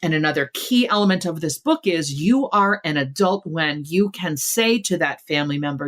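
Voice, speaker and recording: A woman's voice: sits low, expressive, moderate pace, hardly any pauses. A middle-aged woman speaking as a guest author in a podcast interview, in an earnest, emphatic way that builds points in lists.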